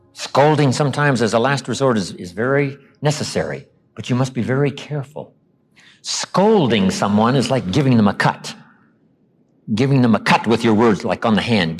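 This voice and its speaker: A man giving a motivational seminar lecture. He tells stories, acts out quoted lines, and slows down and drops low for emphasis. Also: slightly rough. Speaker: motivational speaker.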